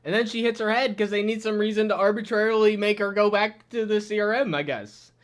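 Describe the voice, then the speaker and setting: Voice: mid-range voice, a little fast. This is a reviewer talking to camera in an indoor room, tearing into a show with crude, mocking jokes. The delivery keeps collapsing into hysterical laughter. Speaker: video reviewer. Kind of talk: excited reaction commentary.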